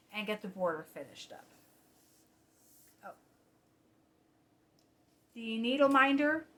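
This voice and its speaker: A woman with a mid-range voice chats casually at home about her cross-stitch work. It's late and she sounds tired, often correcting herself mid-thought and occasionally dropping into quiet asides.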